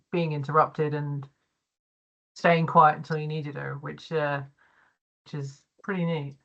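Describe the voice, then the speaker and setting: A man's voice: a little high, sharp tone, dull audio. A man taking part in a casual discussion, speaking hesitantly with many fillers and restarts. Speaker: participant.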